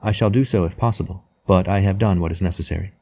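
A guarded male priest who answers briefly and steadily, giving nothing away, as a reader voices him close to his own low, mellow voice. The recording is dry and close. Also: quick pace, no room sound. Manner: steady, reserved, curt.

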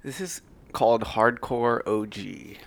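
A man who teaches jiu-jitsu, a guest on a podcast, talking in a laid-back, unhurried way. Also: mid-range voice, gravelly, no room sound. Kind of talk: casual podcast conversation.

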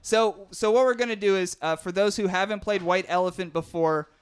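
A man's voice: sits high, fairly quick, background noise. A man hosting a casual podcast with friends, organizing the game order and explaining the rules, laughing easily. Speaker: podcast host. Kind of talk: casual group chat.

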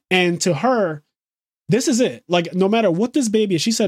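A man co-hosting a casual chat about a TV show, animated and swearing freely as he quotes the dialogue. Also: high-pitched, normal speed, husky, no room sound, studio quality. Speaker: podcast co-host.

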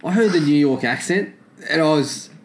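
Chuckling man, slightly high. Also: lively intonation, moderate pace, slight background noise. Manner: laughing, storytelling, chatty. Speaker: podcast co-host. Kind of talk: casual chat.

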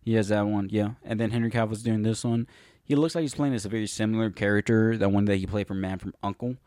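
On a casual movie podcast, a young co-host rambles fast about upcoming films, frequently fixing his mistakes and forgetting names. His fairly low voice is steady and darkish in tone. The recording is close and dry, without any room echo.

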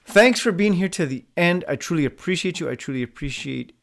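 A man's voice: fairly quick, gravelly. A man hosting a solo motivational podcast, talking casually and bluntly, swearing freely and asking his listeners rhetorical questions. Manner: lively, pitch rises when upbeat. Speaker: podcast host.

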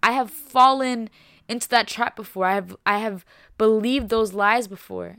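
A woman's voice: medium pitch, fairly bright tone, smooth, dry recording, clean studio sound. A young woman hosting a faith podcast, preaching with passion and emphasis, repeating herself and dropping casual words like y'all and bro. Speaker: podcast host.

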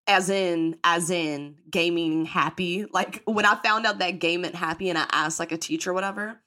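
A woman's voice: on the low side, steady tone, moderate pace, pushed and bright. A young woman hosting a podcast, telling a personal story in a candid, profane, casual way and acting out the voices of people she quotes. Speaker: podcast host.

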